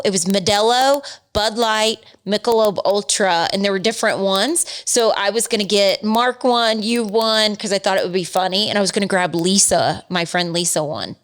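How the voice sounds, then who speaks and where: A woman, co-hosting a casual podcast and telling family stories in a chatty, animated way. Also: mid-range voice. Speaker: podcast co-host. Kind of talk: casual chat.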